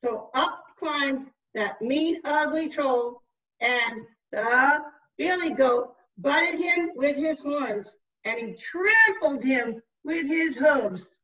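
A woman narrating a children's storybook, reading slowly and expressively. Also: sits high, bright, forceful tone, recorded from a distance, dull audio. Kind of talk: storybook read-aloud.

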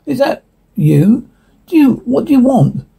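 A man's voice: very high-pitched, sing-song, unhurried, creaky, warm tone, slightly rough, voice pushed up, exaggerated voice. A man reading the part of a sarcastic, teasing teenage girl.

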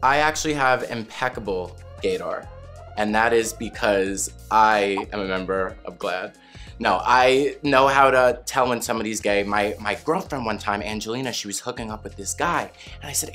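Lower-voiced man delivering punchline anecdotes. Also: normal speed, a bit bright, faint music behind. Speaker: cast member. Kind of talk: casual comedic commentary to camera.

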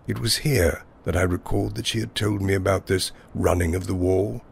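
A man's voice: low-pitched, steady tone, moderate pace, vocal fry, slightly rough. A man narrating a whimsical first-person story in a wry, wordy style.

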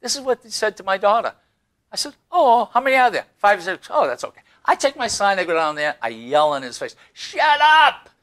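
A man hosting a casual local political talk show, jokey and animated, getting loud as he tells stories. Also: sits high, a little fast. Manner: animated, jokey, raises voice when telling stories.

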